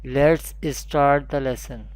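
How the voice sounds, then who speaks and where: A man, teaching an online Quran pronunciation lesson and drilling each letter with slow repetition. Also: medium pitch, steady tone, darkish tone, clean tone, no echo.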